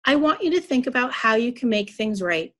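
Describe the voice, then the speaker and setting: A gentle but stern grandmother from a read-aloud children's story, as a woman reader puts her on. She scolds softly and firmly in a fairly high, soft voice, calm and unhurried.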